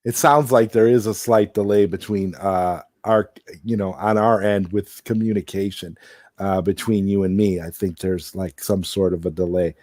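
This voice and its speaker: A man's voice: low voice, steady tone, normal speed, a little mellow, dry recording, clean studio sound. A man hosting a casual late-night live-stream Q&A, rambling and circling back to repeat his points.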